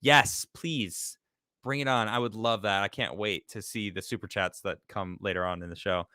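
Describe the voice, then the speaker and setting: A man with a lowish, bright, forceful voice hosts a casual live stream. He jokes loosely and reads out comments from viewers. The sound is dry and close. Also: fairly even intonation, normal speed, dry recording. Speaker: host.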